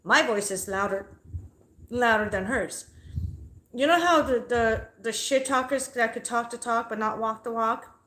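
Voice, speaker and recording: The host of a home livestream, a woman with a fairly high, slightly bright voice, speaks at a measured pace. Dogs are nearby as she delivers a profane, fired-up story as a heated casual rant, captured with an echoey, roomy sound.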